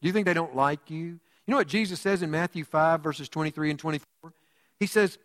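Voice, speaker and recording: A man preaching a sermon as pastor, telling stories with big swings from loud to hushed. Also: on the high side, a little fast, big-room sound. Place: church sanctuary.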